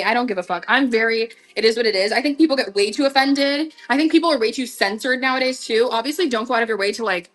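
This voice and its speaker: A young woman selling vintage clothes on a live stream in casual, slang-heavy chat that swings from hushed asides to loud outbursts. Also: fairly high pitch.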